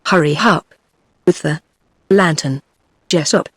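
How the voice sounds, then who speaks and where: A text-to-speech woman's voice reading the lines of a male sailor shouting urgently and gasping between words. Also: a little high, takes it slowly, dry recording.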